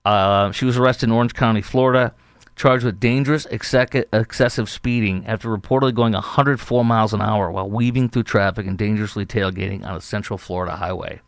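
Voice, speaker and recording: This middle-aged Chicago-area podcast host runs through news stories in an opinion monologue, speaking briskly in a lowish voice. His style is chatty and animated, full of storytelling and acted-out quotes, and the recording has no room sound.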